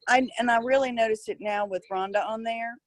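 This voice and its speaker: A woman's voice: on the high side, fairly even intonation, brisk, dry recording. A woman co-host bantering casually on a podcast. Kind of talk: casual chat.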